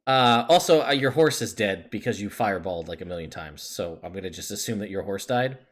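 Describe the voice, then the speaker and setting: A man's voice: fairly low pitch, expressive, fairly quick. A man narrating as game master in a casual, offhand way, with many fillers.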